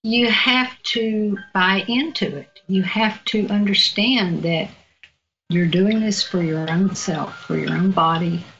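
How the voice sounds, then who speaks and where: A woman's voice: mid-range voice, steady tone, slow pace, a bit bright, dull audio, slight background noise. An older woman from Virginia with a Southern accent, telling stories in a casual interview, outspoken and laughing often. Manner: outspoken, laughing, folksy storytelling. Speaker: guest.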